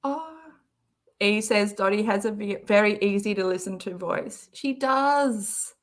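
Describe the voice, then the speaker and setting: A woman's voice: mid-range voice, measured pace. An Australian woman hosting a livestream, chatting casually and giggling while she reads out viewer messages. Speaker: livestream host. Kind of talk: casual chat reacting to a clip.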